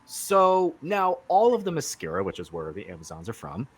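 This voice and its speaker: A man's voice: medium pitch, huge pitch swings, moderate pace, husky. A man hosting a casual podcast chat about comics, enthusiastic and rambling with many fillers and restarts. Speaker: podcast host.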